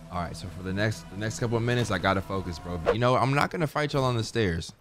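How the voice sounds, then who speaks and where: A man's voice: lowish voice, fast talker. A young man livestreaming a game, chatting casually in laid-back slang. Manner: laid-back, slangy, says bro a lot. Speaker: streamer. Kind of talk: casual gaming livestream commentary. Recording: game music playing behind.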